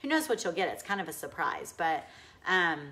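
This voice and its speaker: Bright, chatty Texan woman. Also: on the low side, very animated, fairly quick, poor audio. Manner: chatty and upbeat, talks while working. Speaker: furniture painting instructor. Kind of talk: live DIY demonstration, reading viewer comments.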